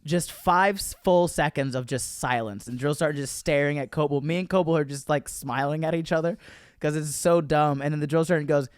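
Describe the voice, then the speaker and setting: Comedian guest, man from Florida, slightly high and smooth, animated casual storyteller. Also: fairly quick, dry recording, studio quality. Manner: animated storyteller, laughs while telling, acts out quotes.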